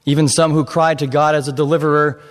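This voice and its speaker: A man preaching a sermon on a psalm, measured at first and building to fervent emphasis. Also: a little high, flat delivery. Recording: long hall reverb.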